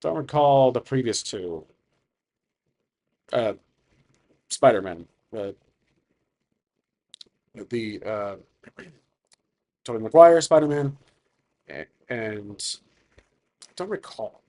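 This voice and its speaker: A man's voice: mid-range voice, lively intonation, takes it slowly, long pauses, warm tone. A man narrating his own solo tabletop role-playing game, thinking aloud casually. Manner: rambling, thinks aloud with fillers.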